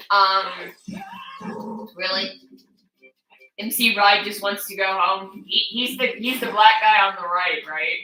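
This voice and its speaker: Bright-voiced woman streamer, echoey room. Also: medium pitch, steady tone, takes it slowly, pauses often. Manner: blunt, opinionated, swears and laughs easily. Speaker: streamer playing a game. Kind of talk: casual gameplay chat.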